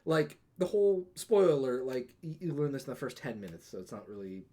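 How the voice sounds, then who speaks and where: A man's voice: medium pitch, fast talker. A man co-hosting a gaming podcast, telling game stories animatedly, swearing and acting out dialogue. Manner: animated storyteller, swears freely, acts out dialogue. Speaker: podcast co-host. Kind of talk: casual gaming podcast chat.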